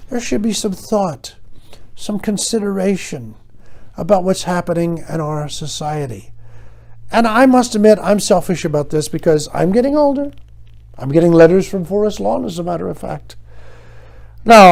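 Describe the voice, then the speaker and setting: An older man hosting his own show, telling a rambling, sardonic comic monologue that swings between loud bursts and quiet asides. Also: high-pitched, creaky. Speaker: host.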